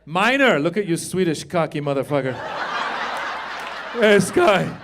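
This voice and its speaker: A man in his fifties works a comedy club stage through a handheld mic, his voice riding high for a man. He banters with audience members and suddenly switches into loud, exaggerated voices. A faint room noise hangs under the set. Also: sing-song, unhurried. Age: 50s. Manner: riffs with the crowd, jumps into loud put-on voices. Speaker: stand-up comedian.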